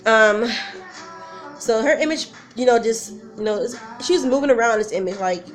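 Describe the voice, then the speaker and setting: A woman vlogs casually at home about something personal, her high-leaning, expressive voice moving at normal speed. She rambles, sounds nervous and emotional, and often breaks off partway through sentences. A song plays loudly in the background, caught by the camera mic.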